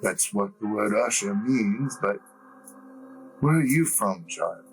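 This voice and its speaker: A man voicing a gruff, bearded old man with a smooth accent who speaks low and stern. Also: expressive, slow pace, soft background music, rough recording. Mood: explaining. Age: older. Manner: low, resigned, growling.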